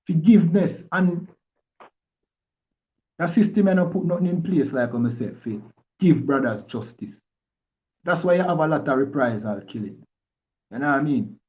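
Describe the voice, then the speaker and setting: Man, Jamaican accent, preachy scripture teaching, phone-quality audio. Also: fairly high pitch. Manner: preachy, keeps asking "you understand?". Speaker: religious teacher. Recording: tinny phone-like line.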